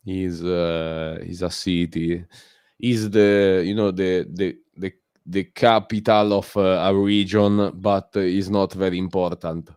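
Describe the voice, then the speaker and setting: A man's voice: low-pitched, fairly even intonation, a little slow, darkish tone, clear, resonant tone, no room sound, studio quality. A man from Italy speaking English with an Italian accent, chatting casually on a stream with many fillers and restarts. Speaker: guest caller on a community stream. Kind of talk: casual chat.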